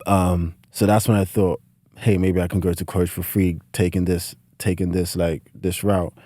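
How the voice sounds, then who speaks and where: A late-teen British man with a low voice and a partly Americanized accent rambles through casual interview stories as a podcast guest and student athlete, leaning heavily on "like." His delivery is flat and mellow at a normal speed. The studio-quality recording has no echo.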